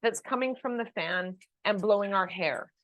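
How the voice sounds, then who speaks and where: A woman's voice: mid-range voice, moderate pace, fairly bright tone, no echo. A woman co-hosting a casual chat, patiently explaining spirit communication with leading questions. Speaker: medium, co-host.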